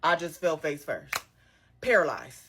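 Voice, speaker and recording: A young woman telling a casual storytime, animated and slangy, laughing as she goes. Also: deep voice, a little slow, slight background noise. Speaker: storytime vlogger.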